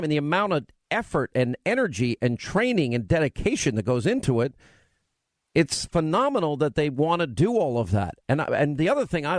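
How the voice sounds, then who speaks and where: A man's voice: a little high, no room sound. A man hosting a radio talk show, rambling and teasing in casual on-air banter.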